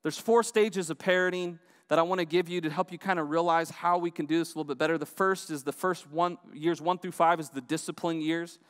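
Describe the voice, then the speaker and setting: A male pastor delivers a relaxed, conversational sermon in a fairly high voice. He keeps checking in with his listeners by asking "right?". The sound carries a long reverb tail, as in a large church sanctuary. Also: brisk, few pauses, smooth. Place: church auditorium.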